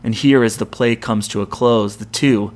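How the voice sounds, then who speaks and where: A man's voice: fairly low pitch, steady tone, moderate pace. A man hosting a podcast, retelling a Greek tragedy in a dramatic storytelling manner. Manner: dramatic storytelling with quoted lines. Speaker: podcast host.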